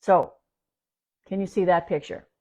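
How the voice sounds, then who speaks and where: A woman's voice: on the low side, steady tone, unhurried, mellow, dull audio. A woman from Canada, a dog trainer, talking casually on a live stream at home, rambling with restarts and fillers. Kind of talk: casual livestream talk. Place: at home with her dog nearby.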